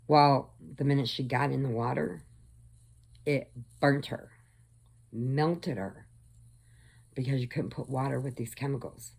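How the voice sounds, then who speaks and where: A woman's voice: very deep voice, gravelly, a little mellow, husky. A woman hosting a crafting channel, telling a story in a rambling, conversational way with frequent restarts. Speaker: crochet channel host. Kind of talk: casual storytelling chat.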